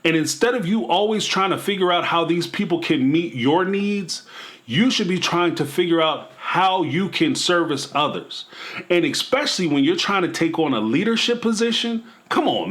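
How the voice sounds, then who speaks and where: A man hosts his own commentary channel and talks straight to his viewers with a slightly raised pitch. He lectures with preachy emphasis, then slips into playful, chuckling asides. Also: fairly bright tone. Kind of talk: casual commentary vlog.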